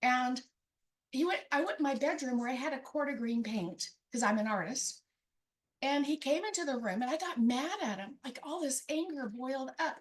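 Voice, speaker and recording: A woman's voice: high voice, lively intonation, moderate pace. A woman telling a personal story about her family at a live storytelling event, conversational and wry. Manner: conversational, wry, acts out family members' quoted lines.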